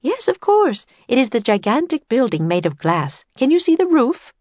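A woman voicing a polite, formal gray-haired older woman at a fair, speaking crisply and courteously. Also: fairly high pitch, very animated, normal speed, a little mellow, dry recording, voice pushed up. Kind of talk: storybook character voice.

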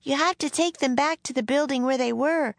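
A woman voicing an eager, bold young girl in a storybook reading, high and excited. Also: brisk, no echo. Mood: urgent.

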